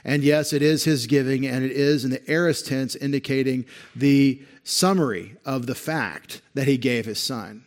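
At a moderate pace with few pauses, a mid-range male voice preaches an expository sermon. The pastor teaches Greek grammar patiently, pointing things out on a screen.

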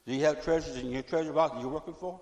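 Middle-aged guy preaching, goes loud then hushed, repeats a lot, echoey church room. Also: a little high, fast. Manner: fervent, repetitive, swinging from loud to hushed. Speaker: pastor. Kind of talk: sermon. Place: church sanctuary.

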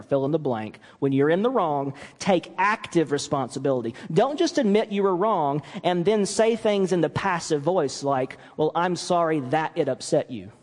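A man preaching a sermon as pastor, lively and animated, acting out quoted apologies as he teaches. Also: medium pitch, in a large hall. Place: church sanctuary.

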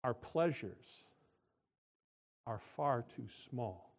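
A pastor delivers a sermon in a middle-pitched male voice. He drives key phrases home with sudden bursts of volume, then drops low and slows down to let a point sink in. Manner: emphatic preaching with wide swings in loudness.

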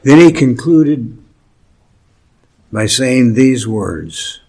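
Slow, deliberate preaching man. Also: mid-range voice, a little mellow. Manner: slow, deliberate preaching with emphatic pauses and light humor. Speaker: pastor. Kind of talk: sermon.

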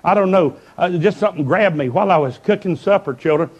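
A man's voice: sits high, fast talker, darkish tone, breathy edge, lo-fi sound. A man voicing an anxious, praying middle-aged mother who speaks in an urgent, pleading way.

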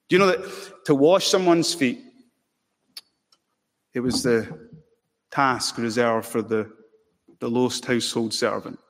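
A man preaching a sermon with passion, building to loud emphatic peaks. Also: medium pitch. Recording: long hall reverb.

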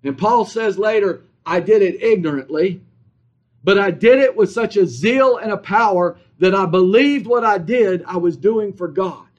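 A man's voice: high voice, expressive, normal speed. A man preaching a sermon with an emphatic, repetitive cadence. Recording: dull lo-fi recording.

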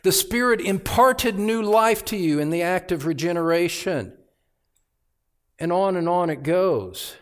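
Male pastor, slightly high-pitched and slow-paced; emphatic sermon delivery with repeated phrases. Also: expressive. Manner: emphatic, swings from hushed to loud, repeats phrases. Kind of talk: expository sermon. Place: church sanctuary.

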